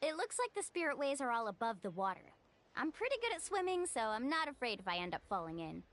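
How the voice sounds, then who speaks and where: A woman's voice: on the high side, very animated, fast, noisy background. A young woman voicing a confident, upbeat guide in game dialogue, cheerful and reassuring, who calls out commands to her companions.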